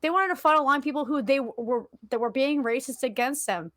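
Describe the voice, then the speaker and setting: A woman's voice: high-pitched, fairly quick, fairly bright tone, dry recording. A woman co-hosting a podcast in casual chat, emotional and swearing, with many fillers. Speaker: podcast co-host.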